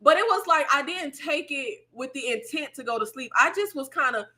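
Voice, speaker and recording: A woman hosting a casual chat with her viewers, telling stories in an animated way, laughing and swearing freely. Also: high voice, fairly quick. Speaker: YouTube host.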